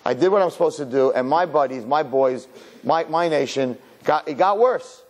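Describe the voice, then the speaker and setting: A man's voice: moderate pace, natural voice. A man doing an indignant pleading prophet. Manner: indignant, pleading, rising to high cries. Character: exasperated male prophet pleading with God.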